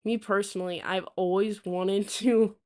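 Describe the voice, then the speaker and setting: A woman's voice: medium pitch, steady tone, measured pace, a little mellow. A young woman streaming, telling a story to her chat in a casual, rambling way full of fillers and restarts. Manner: chatty, many fillers and restarts. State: hiccups.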